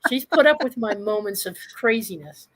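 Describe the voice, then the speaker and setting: A woman's voice: medium pitch, expressive, normal speed, a bit bright. A woman in her sixties speaking bluntly and passionately in a candid live discussion. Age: 60s. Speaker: panel guest.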